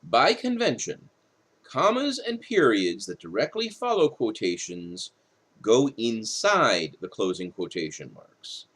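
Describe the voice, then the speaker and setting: A man's voice: mid-range voice, a bit bright, husky. A male writing instructor, tired late at night, reads rules from a textbook in a recorded lecture and explains them with casual asides.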